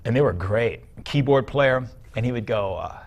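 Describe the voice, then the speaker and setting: An older man, a musician rambling through animated stories in casual chat and acting out the people he quotes. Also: medium pitch, normal speed. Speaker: guest musician.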